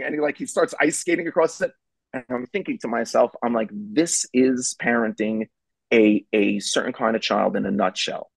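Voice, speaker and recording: Gravelly middle-aged guy, emphatic, keeps hammering his point, dry mic. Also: mid-range voice, brisk, no room sound, poor audio. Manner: emphatic, repeats key points. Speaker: guest speaker on parenting. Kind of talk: animated storytelling advice.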